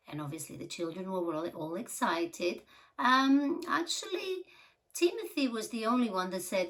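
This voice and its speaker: A woman telling a true crime story in a casual, chatty way, with giggly asides and some vocal fry. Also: mid-range voice, sing-song, moderate pace, a bit bright, poor audio.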